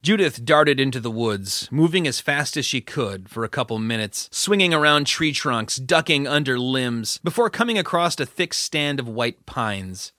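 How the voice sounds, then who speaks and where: In a dry, studio-quality recording, a man with a mid-range voice narrates a story for an audiobook. His scripted reading stays steady and measured throughout.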